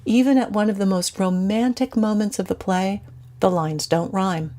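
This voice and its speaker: A woman teacher giving a scripted, measured lecture to students. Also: medium pitch, fairly even intonation, dark tone.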